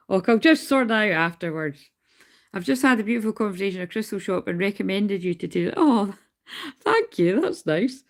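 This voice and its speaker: A chatty Scottish woman gives a casual live tarot reading from her bed, tired and rambling, with the odd swear dropped in. Her voice sits at an ordinary middle pitch with a strong gravelly fry running through it. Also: very animated, normal speed, pauses often. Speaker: tarot card reader. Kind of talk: casual live stream chat. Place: in bed at home.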